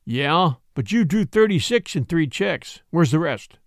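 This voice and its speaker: A quiet, steely man who never raises his voice, as a male reader plays him. Measured and firm, with a dry, close sound. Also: fairly high pitch, sing-song, no room sound. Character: calm, steely man, quiet but hard.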